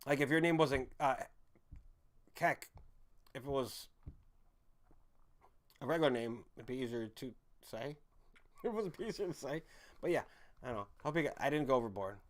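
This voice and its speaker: A man's voice: mid-range voice, animated, normal speed, long pauses. A young man streamer chatting casually, rambling, repeating himself and often apologizing.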